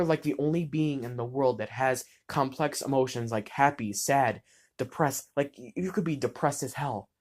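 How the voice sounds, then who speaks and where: Teen boy, mid-pitched, blunt, impassioned straight-to-camera monologue, swears a lot, restarts mid-word. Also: a little mellow. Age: teens. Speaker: student vlogger.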